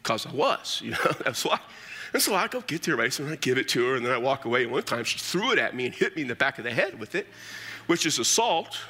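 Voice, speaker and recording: A man's voice: mid-range voice, quick pace, slightly rough. A middle-aged man preaching a sermon as pastor, telling stories with casual asides. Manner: animated storytelling with casual asides.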